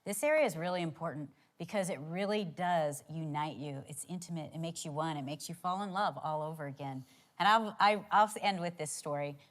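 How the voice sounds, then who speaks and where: A middle-aged woman on a church stage with a slightly low voice. She tells stories in a chatty, teasing way. It sounds like she is sharing a session with her husband. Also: a little fast. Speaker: co-speaker at a marriage session. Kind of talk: sermon storytelling.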